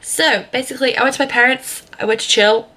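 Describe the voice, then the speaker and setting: A young woman talks straight to the camera in a loose, chatty vlog. Her voice is bright and clear, and she rambles along with plenty of ums and self-corrections. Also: a little high, steady tone, fast, a little hiss or hum. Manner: rambling, chatty, many fillers and restarts. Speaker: vlogger. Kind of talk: casual vlog chat.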